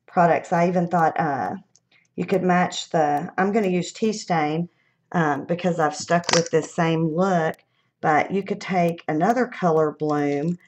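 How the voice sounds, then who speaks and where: Chatty woman demonstrating crafts. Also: fairly low pitch. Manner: chatty, self-laughing, thinking aloud while working. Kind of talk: live crafting demo.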